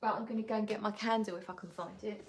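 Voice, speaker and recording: A woman's voice: mid-range voice, fairly even intonation, fast, a little hiss or hum. A woman hosting a live stream, chatting casually as she reads out viewer comments, giggly and often correcting herself. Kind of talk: casual chat.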